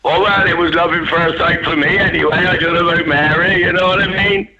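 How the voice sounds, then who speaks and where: An older man with an English Gloucester accent, chatting cheerfully and a bit haltingly as a radio guest. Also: on the high side, steady tone, a loud crowd. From England. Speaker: guest, husband. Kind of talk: casual chat. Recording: dull, muffled sound.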